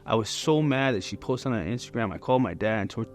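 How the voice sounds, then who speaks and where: A man's voice: on the low side, lively intonation, fast, few pauses, soft background music. A man in his forties giving a candid, conversational personal testimony at church. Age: 40s. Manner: candid and conversational, many fillers.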